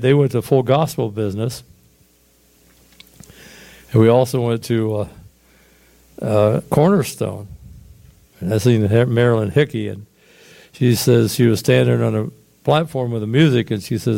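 A man casually retelling his church experiences in a rambling, animated way, acting out quotes and sound effects. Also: medium pitch, normal speed, vocal fry, pauses often. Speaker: storyteller giving testimony. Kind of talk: casual spoken testimony.

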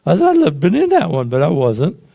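A man casually retelling his church experiences in a rambling, animated way, acting out quotes and sound effects. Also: a little high, normal speed, gravelly. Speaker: storyteller giving testimony. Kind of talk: casual spoken testimony.

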